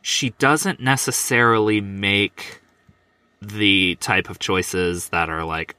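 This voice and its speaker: A man with a lowish but bright voice chats on a film podcast. He thinks aloud, hesitating and filling pauses with ums. The recording is dry and close, with no room sound. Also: smooth, no echo. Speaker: podcast co-host. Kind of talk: casual film podcast chat.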